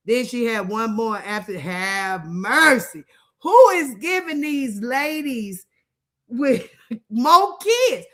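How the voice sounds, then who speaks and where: A woman's voice: a little high, a bit bright. A middle-aged woman hosting casual live-stream commentary. She is blunt and profane, laughs often and reacts to viewer comments.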